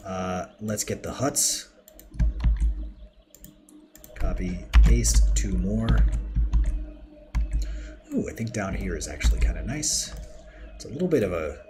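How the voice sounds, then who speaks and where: Low-voiced man rambling over keyboard clicks. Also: background noise. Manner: rambling, chatty, talks to chat. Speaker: livestreamer. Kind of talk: casual game livestream commentary. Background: keyboard typing and mouse clicks.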